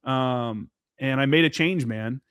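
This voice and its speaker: A man's voice: mid-range voice, slow pace, a bit bright, clean tone, no room sound, studio quality. A man who served as a Marine forward observer, talking candidly as a podcast guest and swearing freely. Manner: candid, profane, peppered with "dude" and "man". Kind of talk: casual podcast chat.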